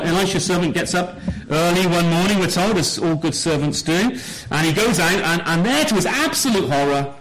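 A man preaching a sermon in a church, telling a Bible story with lively questions to the congregation. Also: medium pitch, low-quality recording.

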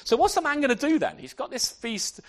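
A man preaching a sermon to his congregation, animated and often repeating words as he restarts his sentences. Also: extremely high pitch, brisk. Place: church.

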